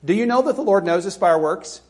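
A middle-aged pastor from Alabama preaches in a loose, conversational way and pokes fun at himself. His voice sits fairly high for a man. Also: animated, quick pace. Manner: conversational, self-deprecating, with laughing asides. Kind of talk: sermon.

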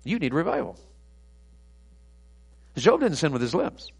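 A man preaching an evening sermon, swinging from loud fervent preaching to soft, tender asides and reading scripture in old-fashioned wording. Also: on the high side, huge pitch swings, measured pace, long pauses, husky. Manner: reads scripture aloud in King James wording.

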